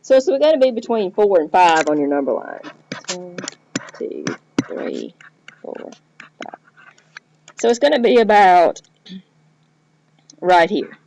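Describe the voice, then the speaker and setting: A woman's voice: medium pitch, sing-song, normal speed, warm tone, a little hiss or hum. A woman teacher explaining math step by step, checking in with the listener as she goes. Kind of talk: recorded math lesson. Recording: dull lo-fi recording.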